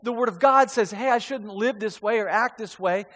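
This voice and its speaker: Male pastor, high voice, animated conversational preaching, big reverberant hall. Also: moderate pace. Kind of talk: sermon.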